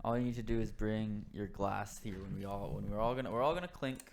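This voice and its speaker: A man's voice: fairly low pitch, fast, vocal fry, background noise. A young man co-hosting a podcast, teasing and joking in casual chat. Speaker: podcast co-host.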